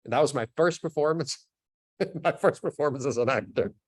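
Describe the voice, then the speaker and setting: A man in his fifties, an action actor guest, telling stories in a lively way, acting out sound effects and often laughing as he talks. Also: fairly high pitch, normal speed. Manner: animated storyteller acting out quotes and sound effects. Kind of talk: casual storytelling interview.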